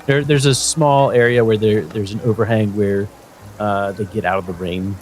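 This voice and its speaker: Halting game master man. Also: on the low side, steady tone, darkish tone, a little hiss or hum. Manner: halting, many fillers and restarts. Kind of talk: narrating a tabletop game.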